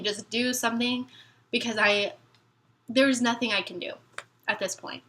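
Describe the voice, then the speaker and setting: A young woman vlogging about her fears as a military spouse, rambling and halting, near tears. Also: fairly high pitch, fairly even intonation, a bit bright. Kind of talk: emotional personal vlog talk.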